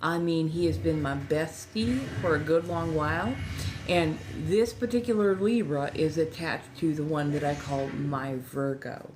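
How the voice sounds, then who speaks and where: A woman's voice: sits low, a little slow, noisy background. A woman in her forties with a Californian accent, chatting and rambling on a casual livestream while slightly tipsy at a friend's house. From Southern California. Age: 40s. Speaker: livestream host.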